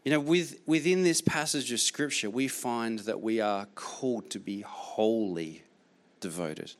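A man's voice: mid-range voice, measured pace. A man preaching a sermon as pastor, repeating key phrases emphatically, with frequent restarts.

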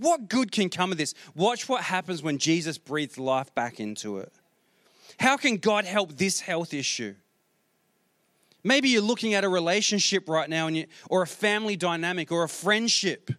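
Male pastor, slightly high voice, earnest repetitive preaching, dry close sound. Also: animated, moderate pace, no echo. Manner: earnest, repeats words, shifts between soft reading and rising exhortation. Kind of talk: sermon. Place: church hall with congregation.

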